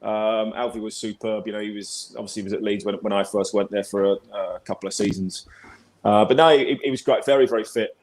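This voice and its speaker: A man's voice: on the low side, fairly even intonation, brisk, darkish tone. A man in his forties with an English accent, chatting as a football pundit guest in a rambling, repetitive way over a video call. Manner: rambling, repeats words, chatty. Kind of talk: casual chat.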